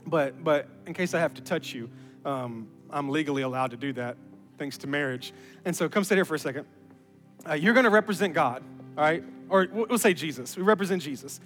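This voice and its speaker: A man preaching a sermon as pastor, animated and building to emphatic peaks. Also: fairly high pitch, a little fast. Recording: reverberant hall with music underneath.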